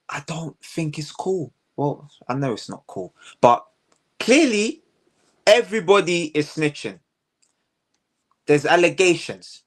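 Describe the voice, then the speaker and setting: A man hosts a casual commentary show. He rants heatedly and hammers the same phrases over and over, his speech full of slang. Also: high-pitched. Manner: heated, repetitive ranting with slang. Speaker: host.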